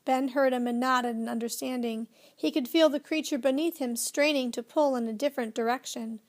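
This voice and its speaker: A woman narrating a children's storybook with a lively, expressive reading. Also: high-pitched, fairly quick. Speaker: audiobook narrator.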